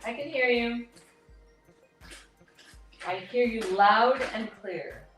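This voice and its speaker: A woman's voice: fairly high pitch, slow, fairly bright tone, soft background music. A woman co-hosting a casual chat, making blunt, teasing remarks.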